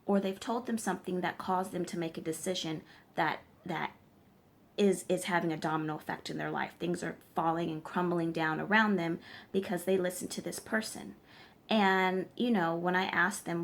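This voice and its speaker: At normal speed, a woman with a creaky, low-side voice and fairly even intonation offers tarot-based advice directly to camera. As a spiritual practitioner, she lectures emphatically and keeps checking in with the people watching.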